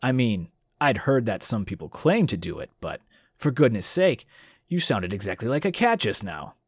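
Man reading an astonished young nobleman, incredulous, lively pitch, dry. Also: normal speed, slightly rough, dry recording.

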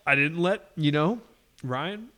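Animated, cursing man. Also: fairly high pitch, slow pace. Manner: swears constantly, animated storytelling. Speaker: podcast host. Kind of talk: casual chat.

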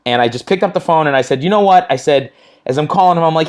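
Man, podcast guest, slightly high voice, defensive, laughing, casual banter. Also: quick pace. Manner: defensive, laughing, impulsive storyteller.

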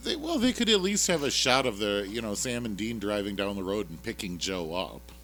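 Low-voiced joking man, lively delivery. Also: a little fast, slight background noise. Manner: rambling, jokey, with frequent fillers and laughs. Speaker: podcast co-host recapping a TV episode. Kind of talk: casual chat.

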